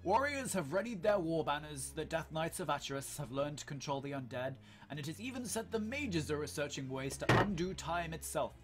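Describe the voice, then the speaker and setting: A man's voice: a little high, expressive, a little fast, few pauses, lightly acted. A man voicing a solemn human male warlock, reading out a grave account in a slightly raised, declaiming tone.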